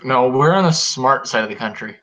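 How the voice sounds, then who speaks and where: Brash man with a bright, tense voice. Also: medium pitch, lively intonation. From upstate New York. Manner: brash, crude, mocking, quick to laugh. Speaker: podcast co-host. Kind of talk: casual crude banter. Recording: lo-fi voice call with faint noise.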